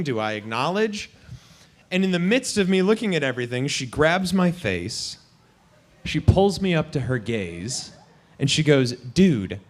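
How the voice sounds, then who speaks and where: A young man doing crude, self-mocking stand-up at an open mic, laughing at his own jokes. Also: a little high. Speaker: stand-up comic.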